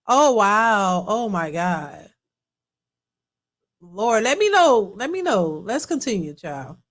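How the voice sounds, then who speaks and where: Speaking slowly at a medium pitch with wide swings, a woman hosts a live reaction stream. She's emphatic and casual, repeating herself often as she talks to her chat.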